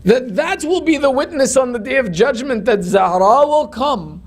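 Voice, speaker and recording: Male preacher, very high pitch, impassioned grieving sermon narration. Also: lively intonation, moderate pace. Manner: impassioned, grief-laden storytelling. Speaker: religious lecturer.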